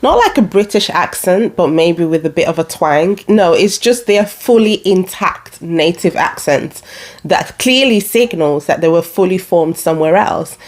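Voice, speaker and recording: A woman's voice: fairly low pitch, expressive, a little slow. A woman giving firm, blunt opinion commentary to camera as a video essayist.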